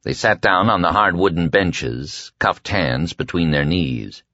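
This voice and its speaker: Deep-voiced male audiobook narrator. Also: animated, no echo, highs cut off. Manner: measured storytelling, quietly voicing dialogue. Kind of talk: scripted narration.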